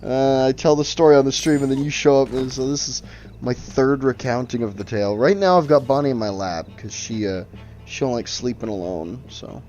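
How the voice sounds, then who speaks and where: A man's voice: mid-range voice, fairly quick, darkish tone, lo-fi sound, faint music behind. A man streaming a game, telling a long story in a casual, profane, rambling way over his mic. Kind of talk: casual gaming chat.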